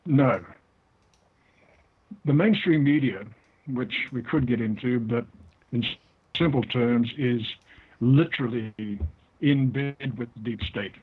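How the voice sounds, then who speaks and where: An older man with a New Zealand accent, a guest author, is interviewed over a narrow, tinny phone line. His voice is of ordinary male pitch and slightly rough, and he speaks deliberately, explaining things.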